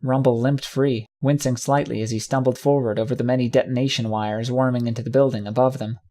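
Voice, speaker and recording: A man reading a first-person fan fiction audiobook with steady, dramatic storytelling. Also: medium pitch, a little fast. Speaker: audiobook narrator.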